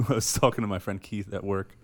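A man's voice: lowish voice, fairly quick, dry recording. A man co-hosting a podcast in casual chat, rambling through stories and laughing often. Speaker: podcast co-host.

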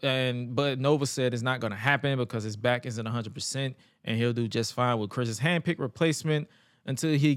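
A man co-hosting a podcast and recapping wrestling in a casual, animated way. He stammers and acts out quotes. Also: medium pitch, dry recording, clean studio sound. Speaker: podcast co-host.

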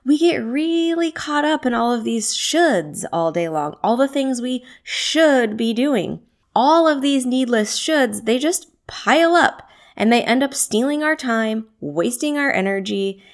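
A woman wellness coach giving a self-help talk in a conversational way, often asking rhetorical questions and laughing easily. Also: a little high. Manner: conversational, with frequent rhetorical questions and tag "right?"; laughs easily while speaking.

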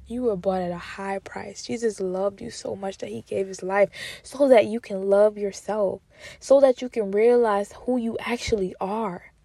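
A woman giving an emotional Christian faith talk, repeating affirmations slowly and tenderly, sometimes dropping to a whisper, near tears. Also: mid-range voice, fairly even intonation, gravelly, warm tone, breathy edge, dry recording. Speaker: Christian encourager speaking to viewers.

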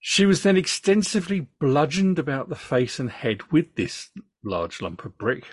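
A man's voice: fairly high pitch, normal speed, husky, no echo. English man telling a true crime story. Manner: reads case notes with relaxed asides.

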